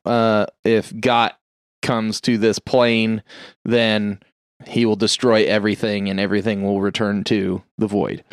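Guy on a podcast telling a movie story, smooth clear voice, dry close sound. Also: lowish voice, a little slow, no echo. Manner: animated storyteller acting out characters' lines. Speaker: podcast co-host. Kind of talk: casual movie recap.

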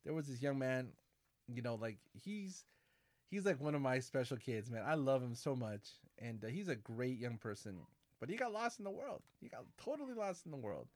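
A man in his forties, a Catholic priest, chatting casually and telling animated stories, acting out quoted dialogue and calling people "man" and "baby". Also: medium pitch, normal speed. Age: 40s. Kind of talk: casual conversation.

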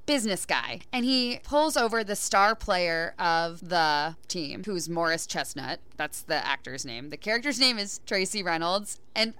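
Young woman, podcast co-host, animated storyteller, bright smooth voice, dry close sound. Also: lowish voice, measured pace, hardly any pauses, no echo. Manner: animated storyteller, acts out quotes, lots of "like". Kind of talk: casual chat recapping a movie.

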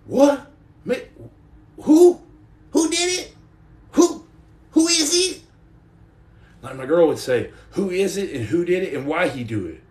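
Casual livestream host, man in his forties, jokey and rambling, a touch high-pitched, roomy echo. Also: distant mic. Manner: rambling and joking, reads out viewer comments. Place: indoor room at home.

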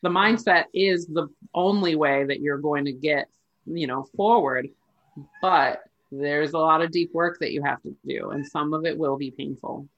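A woman podcast co-host in casual chat, affirming and thoughtful, tossing in quick asides. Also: sits low. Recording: dull lo-fi audio.

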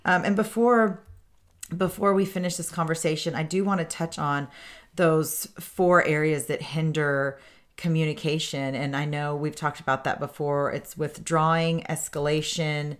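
A woman's voice: low-pitched, steady tone, moderate pace. A woman co-hosting a podcast with her husband, talking candidly and laughing easily. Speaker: podcast co-host. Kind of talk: casual podcast chat.

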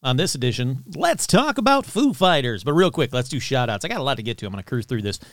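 A man hosting a paranormal podcast in a casual, chatty way, reading shout-outs and joking with himself. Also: medium pitch, quick pace, no room sound. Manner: chatty, animated, talks to himself. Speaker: podcast host.

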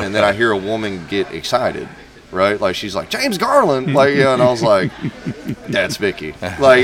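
A man, a guest singer-songwriter, telling a lively anecdote in casual chat, laughing often and acting out other people's voices. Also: lowish voice. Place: bar venue with a crowd. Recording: bar crowd noise behind. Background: bar crowd chatter.

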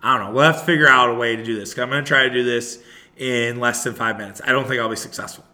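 A man's voice: medium pitch, quick pace. A man in his thirties hosting a podcast alone, ranting casually and profanely straight to his listeners. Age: 30s. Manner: profane, animated, talks to listeners directly. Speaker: podcast host. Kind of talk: casual solo podcast rant.

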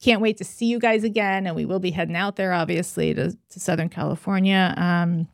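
A woman hosting a podcast, chatting casually and telling stories with lively acted-out quotes. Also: lowish voice, a little fast, vocal fry, no room sound, studio quality. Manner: animated storytelling, acts out quoted voices. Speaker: podcast host. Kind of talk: casual chat.

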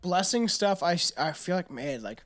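A man with a notably high voice talks in a loose, rambling way on a casual podcast. His thoughts spill out with lots of "like" and plenty of swearing. His delivery is chatty and unpolished. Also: lively intonation, moderate pace. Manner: rambling, profane, speculative musings.

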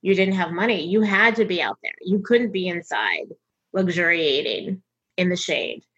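A middle-aged comedian and voice actor from North Texas talks candidly in an interview, animatedly acting out other people's lines as she tells stories. Her voice is fairly low with a breathy edge, at normal speed. The audio is dull.

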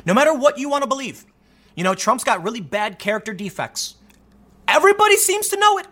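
A male commentator talks through the news on his own, reading out article passages and breaking in with emphatic rhetorical questions. His voice sits high for a man and swings widely in pitch. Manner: animated, emphatic, rhetorical asides. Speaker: political commentator. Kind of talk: solo political commentary reading news aloud.

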